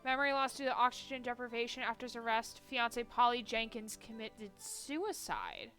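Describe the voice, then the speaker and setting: A woman's voice: on the high side, animated, normal speed, sharp tone, soft background music. A woman on a casual live game stream who reacts with jokes, laughs often and reads lines aloud. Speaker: streamer reading game dialogue.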